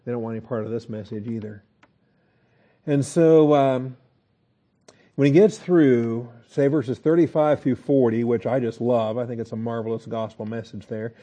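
A man teaching a Bible lesson as a pastor, relaxed and folksy, with frequent fillers and chuckles. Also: medium pitch, normal speed, muffled recording.

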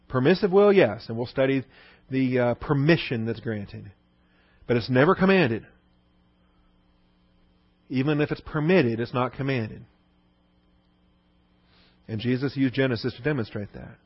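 A man's voice: medium pitch, animated, moderate pace, long pauses, husky, dry recording, dull audio. A male pastor preaching an expository sermon, stressing points with repetition and rhetorical questions. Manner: emphatic, rhetorical questions, repeats key points.

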